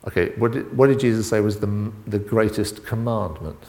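Low gravelly preacher in a hall. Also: male voice, a little mellow. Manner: halting, full of restarts and asides. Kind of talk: informal sermon with congregation back-and-forth. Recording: long reverb in a hall.

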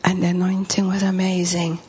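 A woman's voice: lowish voice, completely flat delivery, fairly quick, a little mellow. A woman pastor preaching with humorous, confessional stories, often dropping to a whisper. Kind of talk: sermon storytelling. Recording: dull lo-fi recording.

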